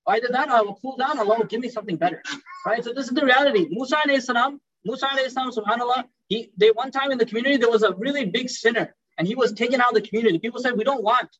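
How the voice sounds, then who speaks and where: A man's voice: extremely high pitch, very fast, a bit bright, husky, lo-fi sound. A man giving a sermon as a Muslim preacher, speaking conversationally and addressing the audience as brother.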